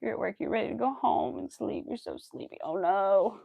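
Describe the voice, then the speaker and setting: A woman's voice: medium pitch, a little fast, gravelly, dark tone, breathy edge, no echo. Chatty woman crocheting on a livestream. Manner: chatty, counts stitches under her breath. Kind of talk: casual chat while crocheting on stream. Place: home. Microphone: clip-on mic.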